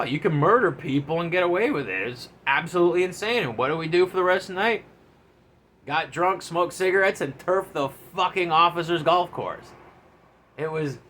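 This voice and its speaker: Guy telling a wild army story, bright slightly high voice, swears a lot. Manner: profane, animated storytelling. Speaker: former enlisted soldier telling a story. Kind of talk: casual storytelling monologue.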